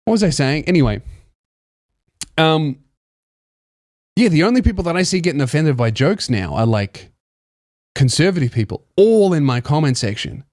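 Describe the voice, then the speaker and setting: A man's voice: a little high, very animated, moderate pace, pauses often, a little mellow, no echo. A young man hosting a podcast, ranting in a sarcastic, mocking, profane comedic monologue into a close mic. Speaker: podcast host.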